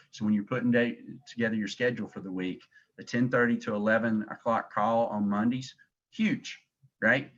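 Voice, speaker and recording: A man with a Southern accent runs a sales training call, his voice sitting low and pressing each point again and again. He speaks like a motivated director rallying new agents. The sound is dull and lo-fi, as if carried over a call. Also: a bit bright. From Tennessee, US. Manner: motivational, emphatic and repetitive. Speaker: agency director.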